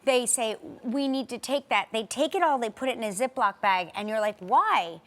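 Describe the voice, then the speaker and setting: A middle-aged woman with a high voice that leaps up and down as she tells a story. She chats casually as a talk show co-host and acts out every quote. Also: expressive, normal speed, a bit bright. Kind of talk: casual chat.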